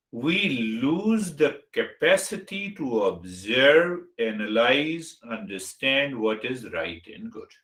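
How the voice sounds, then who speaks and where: A man giving a meditation teaching talk as a spiritual teacher, speaking deliberately and listing words one at a time. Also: medium pitch, fairly bright tone. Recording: roomy echo.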